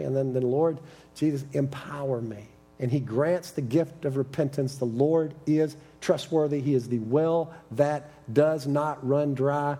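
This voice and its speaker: A middle-aged man delivers a sermon in an earnest, storytelling manner. His voice is husky and mellow, and he brings stories to life with animated dialogue. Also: fairly high pitch, a little slow. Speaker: preacher teaching on repentance.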